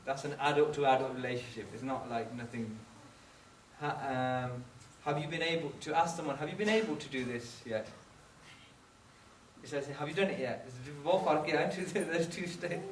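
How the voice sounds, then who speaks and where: A man's voice: fairly high pitch, a little hiss or hum. A man speaking to a congregation, mixing English with phrases and acting out quoted voices. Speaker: Sikh religious speaker. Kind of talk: talk to a congregation. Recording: roomy hall, from a distance.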